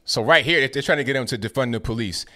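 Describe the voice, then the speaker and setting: A man's voice: mid-range voice, fast talker, over a noisy crowd, very noisy. A man reacting to video clips in casual commentary, sarcastic and full of rhetorical questions.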